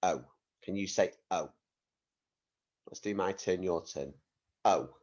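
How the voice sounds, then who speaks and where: A British man teaching young children phonics, talking slowly and clearly and sounding out words in an encouraging way. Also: a little mellow. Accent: British English. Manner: slow, clear and encouraging, sounding out words and leaping up in pitch on blended words. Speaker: primary school teacher. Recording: dull lo-fi home recording.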